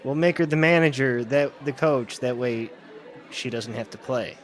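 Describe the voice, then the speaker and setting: A man's voice: mid-range voice, normal speed. A man co-hosting a book podcast, asking questions and laughing as he talks through the story. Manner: questioning, laughs often, swears. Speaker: podcast co-host. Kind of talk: casual book discussion.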